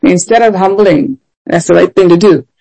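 Mellow-voiced woman preaching earnestly. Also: on the low side, normal speed, creaky, poor audio. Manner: earnest, emphatic, with rhetorical questions. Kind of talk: sermon.

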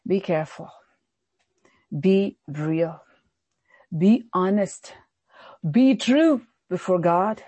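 A woman's voice: fairly low pitch, lively intonation, drawn-out words, long pauses, warm tone, breathy edge, no echo. A woman pastor preaching a sermon, emphatic and repetitive in her exhortations.

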